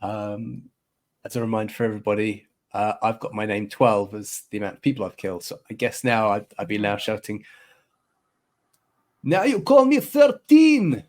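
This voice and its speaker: A man's voice: fairly low pitch, flat delivery, brisk. A man playing a tabletop game, thinking aloud with hesitant restarts. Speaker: player. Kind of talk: casual play at a tabletop game.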